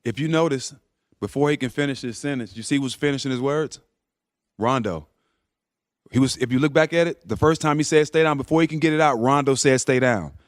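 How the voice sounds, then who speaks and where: A man's voice: medium pitch, no room sound, studio quality. A man who used to play basketball, appearing as a guest on sports talk radio and explaining his views earnestly. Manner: earnest, fast-talking. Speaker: guest, former basketball player.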